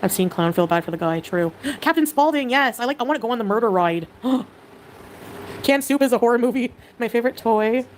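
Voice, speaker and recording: A woman's voice: a little high, animated, a little fast, slight background noise. Chatty Canadian woman livestreamer. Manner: chatty, bubbly greetings to viewers. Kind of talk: reading chat comments aloud.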